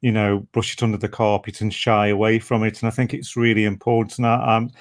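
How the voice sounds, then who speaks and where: A man's voice: lowish voice, little pitch movement. A man interviewing a guest, talking earnestly with many restarts and fillers. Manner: earnest, halting with many restarts and "you know". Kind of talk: conversational interview.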